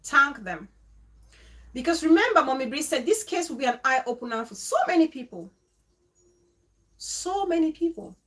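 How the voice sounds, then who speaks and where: Woman from Cameroon, high voice, emotional, exclamatory, reading viewer comments aloud on a vlog. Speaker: vlogger.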